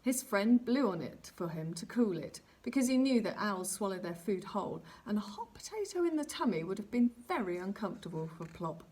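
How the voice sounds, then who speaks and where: A woman reading a children's story aloud, narrating gently and expressively. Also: mid-range voice, sing-song, fairly quick, hardly any pauses, husky.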